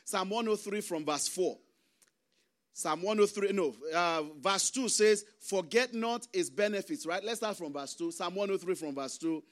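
A man, a pastor preaching a sermon with impassioned swings between loud emphasis and hushed asides. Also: sits high, expressive, moderate pace. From Nigeria.

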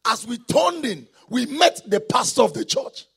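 A man from Nigeria preaching a sermon as pastor, with a raspy voice, often shouting or singing out his phrases. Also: very high voice, sing-song, moderate pace.

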